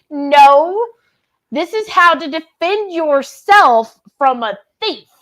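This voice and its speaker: Slow-talking giggly woman host. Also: high-pitched, lively intonation, a bit bright, low-quality recording. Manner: giggly, chatty storyteller. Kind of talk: casual live-stream chat, reading comments.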